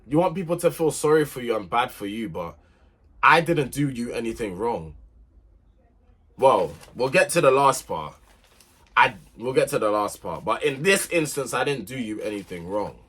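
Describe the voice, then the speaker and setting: Husky young guy venting a relationship story, emphatic, keeps repeating himself. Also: mid-range voice, a bit bright. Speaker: vlogger. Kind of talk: heated storytime rant to camera.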